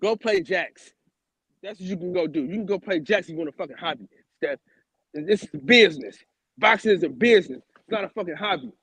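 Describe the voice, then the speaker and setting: A husky, high-pitched man in a heated argument, piling up repeated words and talking over everyone. His voice sits up high and close, with a dry sound and no room around it. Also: lively intonation, brisk, a bit bright, no echo. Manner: talks over others, repeats himself, profane. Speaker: podcast co-host.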